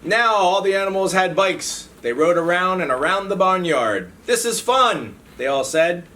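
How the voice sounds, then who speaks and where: A community police officer reading a picture book aloud to children in a friendly, steady way. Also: male voice, sits high, moderate pace. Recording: faint background noise.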